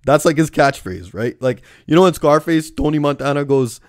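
A man's voice: fairly high pitch, animated, moderate pace, hardly any pauses, dry recording, clean studio sound. A young man from Surrey, British Columbia, doing a profane comedic rant as a movie reviewer. He keeps tagging his sentences with "right?".

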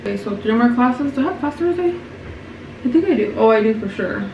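A young woman in her twenties talks to her viewers in a loose, slangy vlog voice and swears freely. Her voice sits a little high. A faint hum of background noise runs under the handheld camera audio. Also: animated, brisk, roomy sound, dull audio. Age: 20s. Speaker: vlogger. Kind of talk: casual vlog chat. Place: at home and around a college campus.

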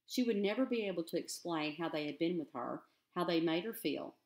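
A woman's voice: on the low side, expressive, a little fast, darkish tone. Woman teacher reading a novel aloud.

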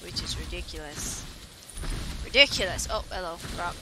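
A woman's voice: mid-range voice, normal speed, noisy background. A young woman casually chatting and giggling while livestreaming a game to her viewers. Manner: giggly, playful, talks to chat and friends. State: yawning. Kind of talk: casual gameplay chat.

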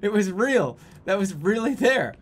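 A man's voice: sits high, sing-song, unhurried. Crude joking man streaming a game. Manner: joking, crude, mocking the game's voice acting. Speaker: streamer playing a horror game. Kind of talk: casual game commentary.

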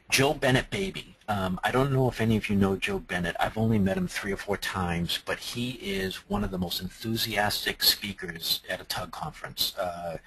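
Man from Massachusetts, conference talk, very husky voice, bright edge, lively inflection. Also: fairly low pitch, poor audio. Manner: animated storytelling with strong inflection. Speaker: presentation trainer.

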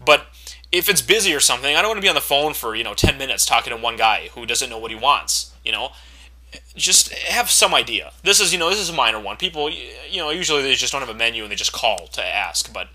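A man's voice: medium pitch, poor audio. A young man in his twenties ranting profanely to camera about rude pizza customers, getting more exasperated as he goes. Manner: profane, exasperated, building to angry shouting. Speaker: vlogger.

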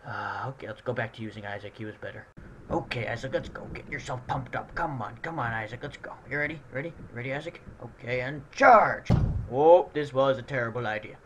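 Excitable man narrating a game, noisy. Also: mid-range voice, fast. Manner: excitable, jokey, frequent outbursts. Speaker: gameplay commentator. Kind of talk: let's play commentary. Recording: loud background noise.

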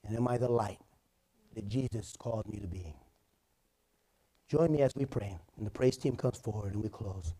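A man's voice: lowish voice, moderate pace, long pauses, warm tone, husky. Man preaching a storytelling sermon. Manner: storytelling, builds to emphatic preaching. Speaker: pastor. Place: church.

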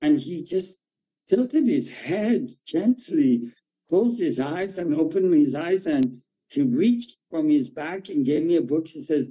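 A pastor whose first language is Farsi tells his personal testimony in an interview, speaking in an animated way and acting out the dialogue. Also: a little high, takes it slowly, slightly rough, lo-fi sound.

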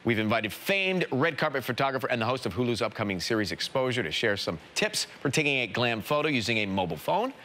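A man hosting a daytime TV studio segment, his voice bright and full of swings in pitch. He teases and jokes, always ready with a comeback. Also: big pitch swings. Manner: joking, teasing, quick with comebacks. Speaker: TV co-host. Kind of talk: playful live studio banter.

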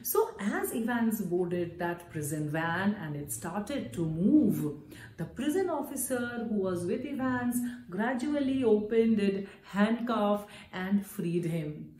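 A woman's voice: medium pitch, animated, takes it slowly, a little mellow, slight background noise. Chatty Indian woman teacher, echoey room. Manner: chatty, frequent "you know" fillers, mixes in Hindi. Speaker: English teacher. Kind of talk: explaining a story chapter to students.

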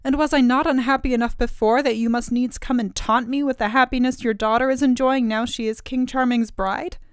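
A woman's voice: mid-range voice, a little fast, clean tone, no echo, studio quality, natural voice. A woman voicing a sorrowful imprisoned young princess, speaking plaintively in a storybook reading. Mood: lamenting. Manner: plaintive, lamenting.

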